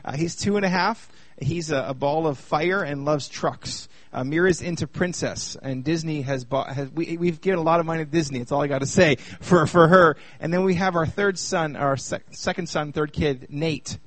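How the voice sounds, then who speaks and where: A man from Canada in his thirties giving a personal testimony talk to a live group, joking with the crowd and then speaking more quietly about hard times. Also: on the high side, moderate pace, few pauses, no room sound. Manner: lively and chatty with the audience, turning quieter while telling a hard personal story. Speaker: speaker at a youth gathering.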